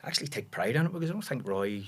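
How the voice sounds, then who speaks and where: Here the same sort of speaker appears: a podcast guest in his forties from Northern Ireland, spinning easygoing anecdotes in a chatty way and often breaking off to restart around fillers. His pitch is mid-range and his delivery is rapid-fire.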